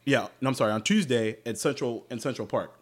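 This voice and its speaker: A man's voice: mid-range voice, fast. A man from Jacksonville, Florida, hosting a podcast and telling travel stories in a casual chat, swearing freely and laughing as he talks. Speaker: podcast host.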